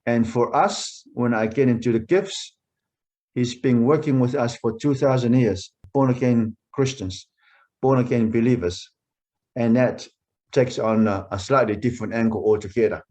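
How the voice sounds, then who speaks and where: A man preaching a sermon as pastor of a church, deliberate and emphatic, repeating key phrases to drive them home. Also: medium pitch, darkish tone.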